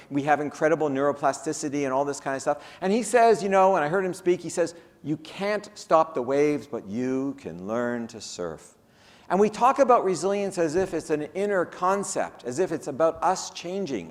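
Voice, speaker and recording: Male keynote speaker, fairly high voice, lively storyteller, long hall reverb. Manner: animated, acts out the people in his stories. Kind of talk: lecture with storytelling. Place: conference hall.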